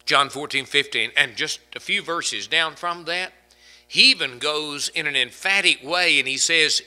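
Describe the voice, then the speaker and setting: Bright-voiced male preacher with dramatic swings. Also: lively intonation. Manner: dramatic swings between loud emphatic peaks and hushed low phrases; quotes scripture in slow, drawn-out delivery. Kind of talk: sermon.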